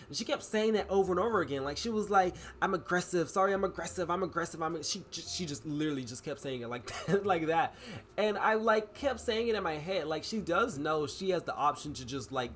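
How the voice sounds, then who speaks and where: A man's voice: high voice, fairly bright tone, a little hiss or hum. A young man chatting casually in a vlog, rambling with many fillers and restarts. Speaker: vlogger and writer.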